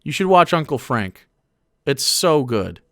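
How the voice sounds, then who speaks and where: A man's voice: mid-range voice, sing-song, measured pace, fairly bright tone, dry recording, clean studio sound. A man streaming and reacting to a video, rambling and profane, with frequent restarts. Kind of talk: casual reaction commentary.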